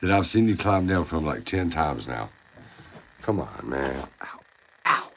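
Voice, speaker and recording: A man's voice: very deep voice, sing-song, measured pace, noisy background. A man hosting a home video, playfully coaxing and cheering on his pet monkey indoors. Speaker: pet monkey owner and channel host. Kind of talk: casual video narration to a pet.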